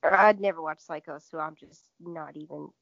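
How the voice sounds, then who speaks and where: A woman guest on a casual podcast chat, expressive and swearing freely. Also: deep voice, moderate pace, vocal fry, no echo. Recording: dull lo-fi recording.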